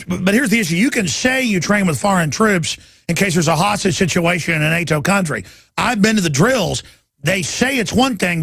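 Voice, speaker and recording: Male radio host, gravelly and high-pitched, urgent rambling monologue, dry close sound. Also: fairly bright tone, no room sound. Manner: urgent, rambling, addresses listeners as folks. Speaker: radio talk show host.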